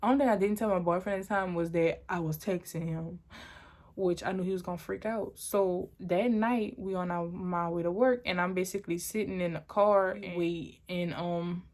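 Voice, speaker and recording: A young adult woman telling a personal storytime on her vlog, animated and rambling with many restarts. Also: on the low side. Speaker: vlogger.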